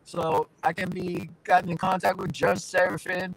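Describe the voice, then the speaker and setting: A man, a judge and talk show guest, making a steady, plain appeal over a video call. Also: sits high, moderate pace, creaky, few pauses, no room sound, rough recording.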